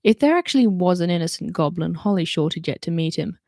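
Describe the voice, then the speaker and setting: A woman's voice: lowish voice, animated, fast, dark tone, dry recording, clean studio sound. A woman reading a novel aloud and doing voices for the characters, with chatty asides between passages. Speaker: reader.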